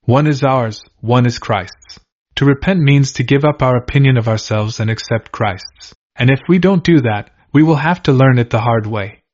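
A man's voice: mid-range voice, normal speed, darkish tone, muffled recording. A man preaching a sermon, explaining a Bible passage in an earnest teaching manner and posing questions to his listeners.

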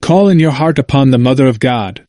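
Storybook figures: rough battlefield camp followers, prodding and questioning, read by a man narrator. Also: medium pitch, animated, fairly quick, warm tone, no room sound, studio quality, lightly acted.

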